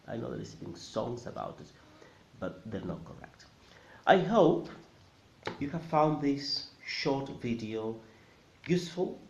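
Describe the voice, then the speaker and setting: A man teaching a language in a video lesson, lively and emphatic, repeating words slowly for practice. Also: medium pitch, slight background noise. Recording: echoey room, dull lo-fi sound.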